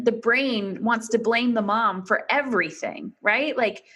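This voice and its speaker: A woman's voice: on the high side, a bit bright. A woman in her thirties, a parenting coach guest on a podcast, talking earnestly and with emphasis in a casual interview.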